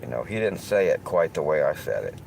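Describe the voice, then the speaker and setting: A man with a Southern US accent hosts a casual livestream, his very low voice swinging widely in pitch. He rambles and swears constantly, with a faint hum of noise behind him. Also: very animated, fairly quick, creaky, a little mellow, low-quality recording. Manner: rambling and heavily profane. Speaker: streamer host.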